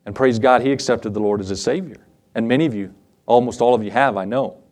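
A middle-aged man preaching a sermon as pastor, animated and acting out Bible scenes in different voices. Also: medium pitch, fast talker.

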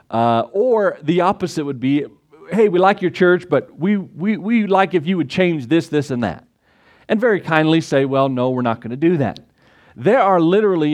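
A middle-aged man pastor in a church sanctuary, voice sitting a little high for a man. He tells a folksy joke, chuckles at it and coaxes his congregation to laugh. Then he reads scripture aloud in the same easy sermon delivery.

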